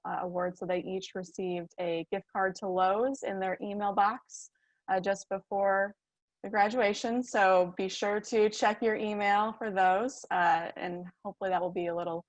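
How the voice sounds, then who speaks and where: A woman's voice: mid-range voice, no room sound, dull audio. A woman making an announcement for her company, hesitant and full of filler words. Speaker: company representative. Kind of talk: announcement at online graduation. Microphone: video call.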